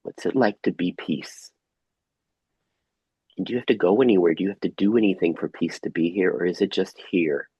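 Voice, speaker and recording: A man facilitating an online group workshop over a video call, gently asking soft reflective questions. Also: sits low, a little fast, breathy edge, no echo, rough recording.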